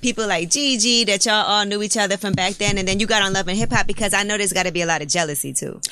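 Quick, conversational woman host. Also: medium pitch, background noise. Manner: conversational, probing questions. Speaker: podcast host. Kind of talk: interviewing.

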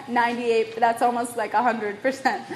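A woman with a non-native accent giving a lively lecture to a live audience, quizzing them and often asking "right?". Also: a little high, measured pace. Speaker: workshop presenter. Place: room in Bali. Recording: echoey room, faint room noise.

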